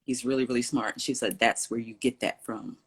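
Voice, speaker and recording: Husky-voiced woman telling a family story. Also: very deep voice, a little fast. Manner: animated storyteller, acts out quoted dialogue. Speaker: guest. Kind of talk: personal storytelling interview.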